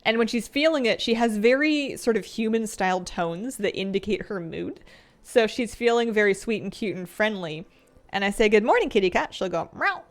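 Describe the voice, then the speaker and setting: A young adult woman streaming a game, chatting casually and rambling, often laughing and trailing off into soft mumbles. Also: mid-range voice, moderate pace. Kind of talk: casual chat while gaming.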